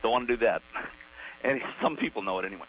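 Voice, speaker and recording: A man's voice: medium pitch, lively intonation, fairly quick, a bit bright, a little hiss or hum. Rambling male caller on a muffled phone line. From Los Angeles. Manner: rambling, chatty, friendly. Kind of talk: phone-in chat on a radio show.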